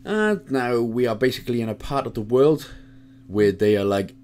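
A man from Wales talks through a video game walkthrough in a casual, chatty way, tossing in jokes as he goes. His pitch sits in a middle range but swings widely and expressively from line to line. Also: moderate pace, smooth. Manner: chatty, jokey asides, lively pitch swings. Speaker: game guide host.

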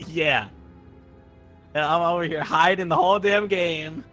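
A man's voice: on the high side, slow, a bit bright, soft background music. A man joking and laughing with friends, tossing out accusations in casual voice chat during an online game.

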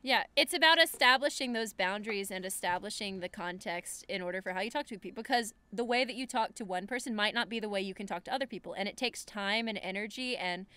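Smooth, bright young woman podcasting. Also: medium pitch, fast talker, few pauses, no echo. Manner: supportive, many short agreeing replies. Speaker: podcast co-host. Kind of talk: casual chat.

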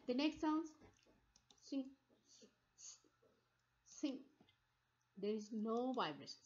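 A woman giving a phonetics lecture, repeating sounds slowly to demonstrate them, with frequent restarts. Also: fairly high pitch. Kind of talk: recorded online lecture. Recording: slightly dull lo-fi recording.

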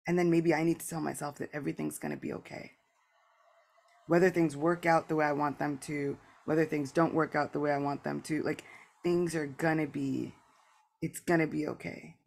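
A woman's voice: low voice, flat delivery, normal speed, vocal fry, darkish tone. A woman hosting a spiritual podcast, talking in an earnest, reflective way with lots of casual "like" asides, and often acting out both sides of remembered conversations. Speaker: podcast host. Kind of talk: candid spiritual podcast talk.

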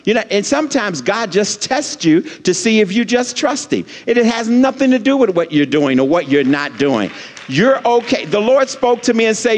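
A man's voice: sits high, big pitch swings, normal speed. A man preaching a sermon as pastor, with lots of repetition and call-and-response lines for the congregation. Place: church sanctuary. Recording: long church hall reverb.

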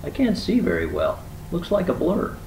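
Man as a mild, gentle bear, soft-spoken, faint rumble behind. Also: wildly swooping pitch, moderate pace, creaky, reverberant, full character voice, poor audio. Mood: apologetic. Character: gentle, sleepy female bear.

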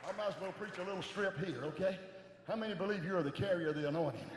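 Middle-aged male evangelist, lively sermon delivery, high-pitched, recorded in a reverberant sanctuary. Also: fast, some chatter behind. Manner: animated, swings from soft asides to shouting. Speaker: evangelist preacher. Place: large church sanctuary. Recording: echoey church hall with long reverb.

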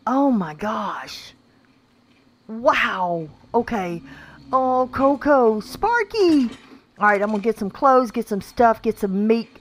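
A woman's voice: fairly high pitch, slow pace. A woman giving casual commentary while playing a video game, exclaiming and talking to her in-game animals. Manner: excitable, exclaims a lot, talks to her pets in the game. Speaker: gameplay video creator. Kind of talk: casual let's-play commentary. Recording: faint background noise.

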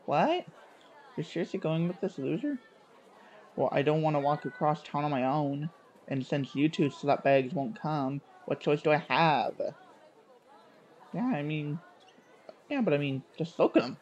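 A man's voice: expressive, a little slow, long pauses, darkish tone, slight background noise. A man voicing a snobby, mean teenage cheerleader girl who mocks people in a game reading. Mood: mocking. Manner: catty, mocking, shrill.

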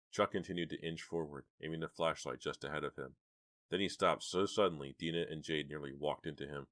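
Very deep-voiced male audiobook narrator. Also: a bit bright, no room sound, clean studio sound. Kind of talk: scripted horror audiobook narration.

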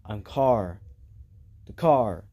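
A male performer voicing a dazed male race car with amnesia, talking slowly and flatly in a toy car skit. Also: lowish voice, breathy edge, highs cut off, voice pushed down, exaggerated voice. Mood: stubborn. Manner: slow, flat and confused.

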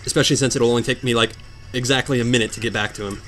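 A man's voice: medium pitch, fairly even intonation, racing, fairly bright tone. Sarcastic man muttering over game music. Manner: sarcastic, mock-dramatic, muttering then bursting out. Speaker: gameplay commentator. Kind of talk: let's play commentary.

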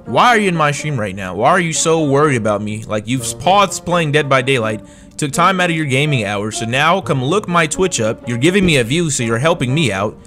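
A man's voice: mid-range voice, lively intonation, fairly quick, bright, forceful tone, soft background music. A man hosting his gaming channel, ranting sarcastically and with plenty of swearing as he mocks the opponents in his matches. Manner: heated, sarcastic and profane, mocking opponents. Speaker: gaming streamer and channel host. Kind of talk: ranting gameplay commentary.

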